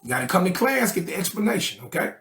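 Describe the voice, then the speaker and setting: A man's voice: sits high, big pitch swings, quick pace, vocal fry, a bit bright. A man teaching a study group in a casual, joking way, full of slang and checks like "okay?" and "right?". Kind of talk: casual explanatory lecture.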